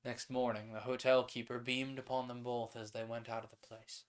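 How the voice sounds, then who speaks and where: A man's voice: mid-range voice, flat delivery, moderate pace, clean tone. Male streamer reading pulp fiction aloud. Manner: reads steadily, then adds casual asides and paraphrases.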